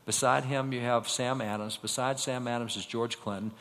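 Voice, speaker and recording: A man giving a slide-show lecture to an audience, telling stories, asking rhetorical questions and running through quick lists of names. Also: medium pitch, steady tone, fairly bright tone, long reverb tail. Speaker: public speaker.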